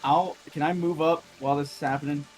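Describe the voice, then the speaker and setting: A man playing a tabletop game, asking hesitant questions with halting restarts. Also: on the high side, steady tone, rough recording. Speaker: player.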